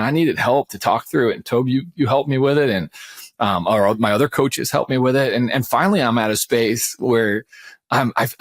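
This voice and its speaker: A man's voice: mid-range voice, no echo, studio quality. A man in his forties, a podcast co-host, telling a personal story candidly over a remote call, rambling with lots of restarts and calling people "man" and "dude".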